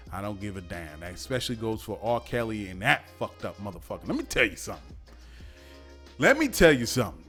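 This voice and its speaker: Heated, profane podcast host. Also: male voice, fairly low pitch. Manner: profane, heated, shifts from calm talk to shouting. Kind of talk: casual commentary monologue.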